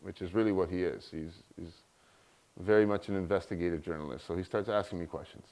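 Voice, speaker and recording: A man's voice: low-pitched, quick pace. A middle-aged man giving a guest lecture, telling an anecdote and acting out the people he quotes. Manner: animated, acts out quoted voices. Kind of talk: storytelling in a lecture.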